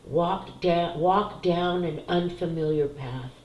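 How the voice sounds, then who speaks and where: A woman's voice: lowish voice, slow pace, darkish tone, reverberant, rough recording. A middle-aged woman, a psychic, talking candidly and emotionally to her viewers about family and spiritual cards, tearful at times and swearing freely. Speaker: psychic doing card readings. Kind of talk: casual spiritual talk to camera.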